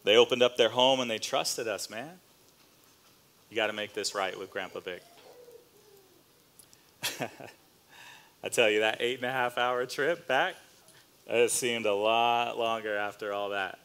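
A man pastor preaching a sermon as a relaxed, conversational story, with casual fillers and slang asides. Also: on the low side, measured pace, long pauses, clean tone. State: choked up near the end.

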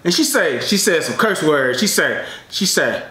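Animated man chatting in an echoey room. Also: on the high side, moderate pace. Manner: animated, laughs often, drawling asides. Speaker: mukbang vlogger. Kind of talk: casual storytelling to camera while eating.

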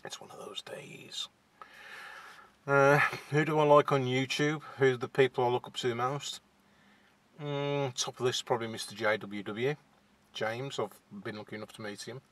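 A young man with a Wolverhampton accent talks to camera from his parked car, recorded on a simple camera mic. His voice is bright and forward. He is shy and hesitant, pausing and restarting with plenty of ums. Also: medium pitch, steady tone. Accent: West Midlands (Wolverhampton). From England. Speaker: vlogger. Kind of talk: casual to-camera chat.

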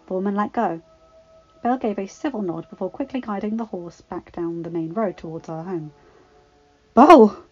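A woman's voice: medium pitch, darkish tone, dull audio. A woman narrating fan fiction aloud with dramatic expression. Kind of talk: storybook reading.

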